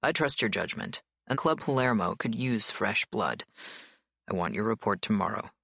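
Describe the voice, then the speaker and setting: A woman voicing a cool, controlled male mafia boss who speaks calmly and evenly. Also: gravelly, husky, no echo, studio quality, exaggerated voice. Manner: calm, low, measured delivery.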